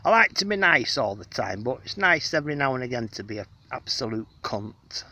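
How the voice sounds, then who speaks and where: This vlogger's mid-range voice is sing-song, pushed and bright, and he talks a little fast. Standing outdoors in the countryside on a hot day, he rambles in an affected, genteel style with many fillers, addressing the person filming.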